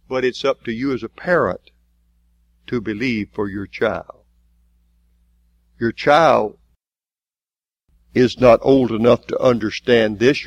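A man preaching a sermon, stressing key words and drawing them out slowly. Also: mid-range voice, no room sound, dull audio. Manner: emphatic preaching with slow, drawn-out stresses.

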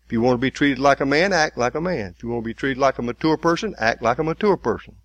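A man preaching a sermon in a folksy way, building to loud, emphatic, slowly repeated lines. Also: medium pitch, no room sound.

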